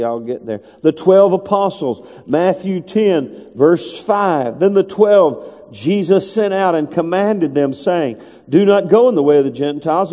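A man's voice: high voice, warm tone. A man preaching a sermon, reading scripture aloud in a conversational way and rising to emphatic calls to the congregation. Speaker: pastor. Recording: long reverb of a church hall.

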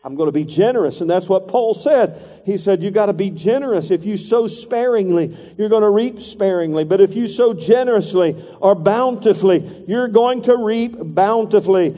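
A man's voice: high-pitched, normal speed, hardly any pauses, dark tone, in a large hall. A man preaching a sermon as pastor, calling for congregation responses and acting out voices.

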